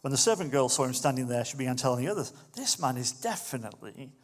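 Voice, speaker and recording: A man preaching a sermon in a relaxed, conversational way, turning lively when he acts out what others say. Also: mid-range voice, quick pace. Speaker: pastor.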